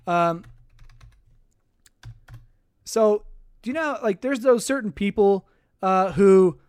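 A man's voice: sits high, expressive, takes it slowly, darkish tone, smooth, no room sound. A young man hosting a casual sports podcast livestream, rambling and chatty as he thanks viewers between game recaps. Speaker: podcast host. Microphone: desk microphone.

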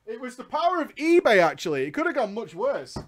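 High-voiced excitable streamer. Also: male voice, brisk. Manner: excitable, swears freely, rants in bursts. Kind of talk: casual live-stream chat.

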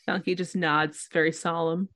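A woman's voice: lowish voice, little pitch movement, normal speed, a bit bright, no room sound, clean studio sound. A woman narrating a tabletop game as game master, loose and full of fillers.

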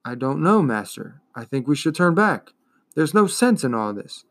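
A man voicing a weary, despairing little male horse, speaking softly and low in a storybook reading. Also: big pitch swings, normal speed.

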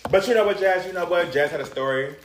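A man's voice: high-pitched, quick pace, reverberant, background noise. A man co-hosting a casual podcast chat who talks emphatically and repeats lines for effect. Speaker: podcast co-host.

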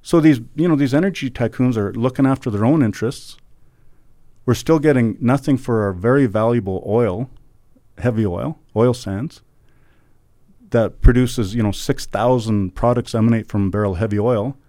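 A man's voice: medium pitch, normal speed, mellow, no room sound, clean studio sound. A middle-aged man from Canada, talking emphatically in a podcast interview, repeating words and building to fervent outbursts. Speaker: guest, former election candidate. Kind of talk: podcast interview, impassioned political talk.

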